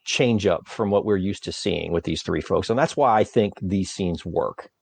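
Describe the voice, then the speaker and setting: A man's voice: sits low, normal speed, vocal fry, husky, no echo. A man co-hosting a podcast in casual chat, joking and rambling, often repeating his words. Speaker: podcast co-host.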